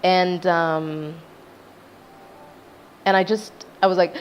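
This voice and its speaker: Taking her time, a young singer from Zimbabwe speaks in a lowish voice with fairly even intonation. In a casual interview she animatedly recounts something from her own life and imitates her parents, while the dull, lo-fi recording carries faint noise behind her.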